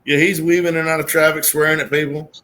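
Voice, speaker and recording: A man with a drawl and a slightly raised pitch tells exaggerated stories in a rowdy, cursing, joking way. He talks over the others in loose, back-and-forth banter. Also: flat delivery, fast talker, pushed and bright. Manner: rowdy, exaggerating, swears freely. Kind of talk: casual chat.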